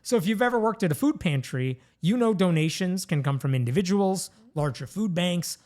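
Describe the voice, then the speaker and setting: A man's voice: high-pitched, expressive, a little fast, a little mellow. A man hosting a podcast, telling a news story in casual, conversational chat. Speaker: podcast host.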